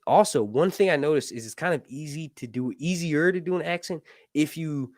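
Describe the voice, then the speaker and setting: Speaking a little fast in a fairly high, expressive voice, this YouTube host chats casually on a livestream. The recording is dry and studio quality, and he jokes, rambles, breaks off his own sentences, and swears offhandedly.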